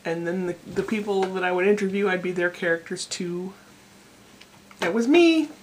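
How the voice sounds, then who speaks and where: A woman's voice: on the low side, level tone, fairly quick, slight background noise. Middle-aged American woman, home vlogger, digressive and self-deprecating, recorded on a camera mic. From United States. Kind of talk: casual rambling vlog monologue. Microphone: camera microphone.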